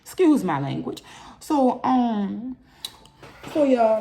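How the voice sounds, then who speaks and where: A young woman vlogger, telling a personal story in a casual storytime video, animated and jumping into loud high bursts when upset. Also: a little fast, a little hiss or hum.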